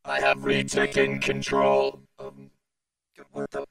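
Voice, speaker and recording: A man putting on a gravelly doom announcer. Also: very deep voice, completely flat delivery, takes it slowly, recorded from a distance, pitched below the performer's own voice, exaggerated voice. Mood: menacing.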